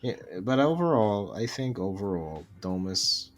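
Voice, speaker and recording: A man co-hosting a casual anime podcast, laid-back, his voice softening as sentences trail off. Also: lowish voice, very animated, unhurried, soft background music. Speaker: podcast co-host.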